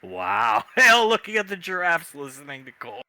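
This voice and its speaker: A man narrating a tabletop role-play as game master, speaking in an animated, playful way. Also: high-pitched, normal speed, gravelly, no room sound, poor audio.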